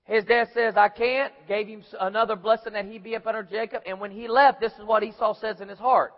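A man's voice: high voice, fairly even intonation, fast. A man preaching a sermon in a folksy storytelling way, acting out little scenes and voices. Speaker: pastor. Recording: echoey hall, dull lo-fi sound.

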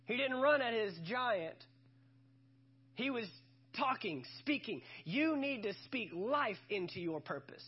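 A man's voice: very high voice, lively intonation, measured pace, husky, dull audio. A male pastor preaching a sermon, emphatic, repeating his key lines for effect.

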